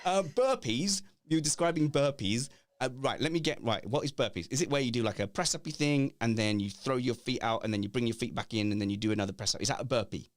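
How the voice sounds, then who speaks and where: A man's voice: medium pitch, fast talker, no room sound. A middle-aged man hosting a casual chat from home, rambling and joking with plenty of restarts. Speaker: podcast host. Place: home, remote call.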